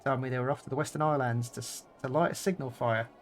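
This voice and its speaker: A candid common soldier rambles on in a put-on rustic accent, his speech drawling and full of casual grammar, as a man reads him aloud. His voice sits in an ordinary middle pitch. Soft game music plays underneath. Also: fairly even intonation, fast, natural voice. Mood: chatty. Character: low-born male soldier, folksy and candid.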